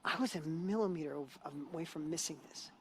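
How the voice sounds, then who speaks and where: Fast-talking enthusiastic male host. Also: fairly high pitch, slight background noise. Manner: enthusiastic, encouraging, motivational. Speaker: host and course co-creator. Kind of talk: live-stream interview.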